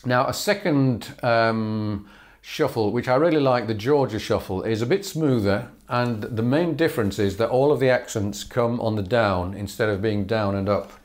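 A man's voice: lowish voice, moderate pace. A man teaching a fiddle lesson, explaining patterns in an easy, chatty way with small laughs and fillers. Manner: relaxed, explanatory, chuckles and fillers, counts bows aloud. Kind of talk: instructional lesson.

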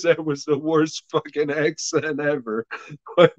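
A man's voice: fairly high pitch, steady tone, measured pace, no echo, low-quality recording. A man hosting a podcast, recapping an episode in a profane, rambling way and laughing often. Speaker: podcast host reviewing an episode. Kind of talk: casual chat.

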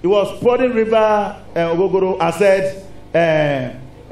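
High-voiced Nigerian preacher in an echoey hall. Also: male voice, moderate pace. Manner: animated, call-and-response preaching with rhetorical questions. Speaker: pastor. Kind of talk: sermon. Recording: echoey hall with faint noise.

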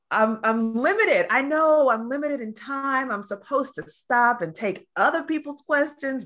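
A woman moderating a virtual panel conversation, effusive and expressive as she reacts to her guests. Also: fairly high pitch. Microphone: video call.

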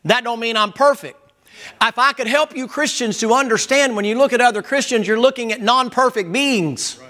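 High, bright-voiced preacher man. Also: moderate pace. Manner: loud, emphatic, hollering at times. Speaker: pastor. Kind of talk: sermon.

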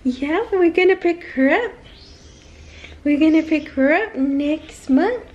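High-voiced mom doing slow baby talk. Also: female voice, animated, darkish tone, muffled recording. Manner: sing-song baby talk to her toddlers; laughs often while talking. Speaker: mother filming her children. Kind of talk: casual family vlog.

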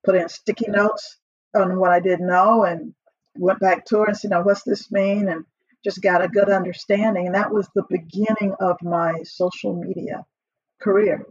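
A middle-aged woman with a husky voice, a podcast guest telling her career story in a lively way, laughing often and acting out what she said back then. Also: mid-range voice, normal speed, dry recording, highs cut off. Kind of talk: casual storytelling interview.

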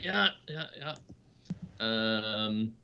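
A man playing a tabletop game who speaks in an unhurried, hesitant way, with many fillers and laughs. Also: on the low side, animated, creaky, clean tone. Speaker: player. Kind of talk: casual tabletop play. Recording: dull lo-fi mic.

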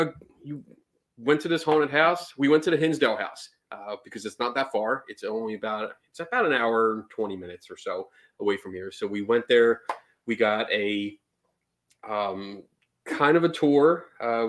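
A man with a Philadelphia accent hosts a casual live-stream chat. His talk is jokey and rambling, full of restarts. He sits at mid pitch. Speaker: host.

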